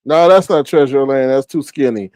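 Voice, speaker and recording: A man's voice: normal speed, darkish tone, dry recording. Man, livestream host, sassy theatrical roasting, dry close sound. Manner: sassy, theatrical, swings pitch. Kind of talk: casual roast commentary.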